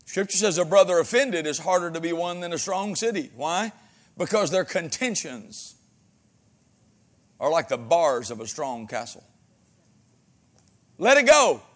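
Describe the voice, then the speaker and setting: A man preaching a sermon as pastor, with folksy humor and frequent amens, swinging between loud exhortation and quiet asides. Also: a little high, expressive, normal speed.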